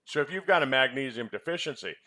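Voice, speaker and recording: Fast and animated, his mid-range voice comes across pushed and bright. The man, a health-product presenter and former clinic runner, rambles casually about supplements and ribs his co-host with quizzes.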